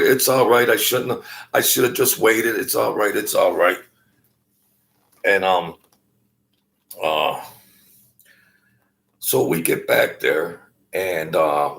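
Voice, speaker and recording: Gravelly low-voiced man telling a story. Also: fairly bright tone. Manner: halting, many fillers and restarts, acts out quoted voices. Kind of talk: casual storytelling.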